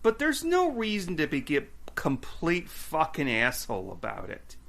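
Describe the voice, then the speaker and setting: Animated ranting male podcast co-host. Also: fairly high pitch, moderate pace, creaky, slight background noise. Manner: ranting, animated, swears, acts out quotes. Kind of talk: casual chat recapping a TV episode.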